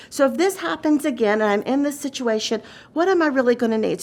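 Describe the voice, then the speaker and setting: Higher-voiced woman teaching about caregiving. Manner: earnest, shifts pace often, acts out quoted voices. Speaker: dementia training presenter. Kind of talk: educational webinar talk.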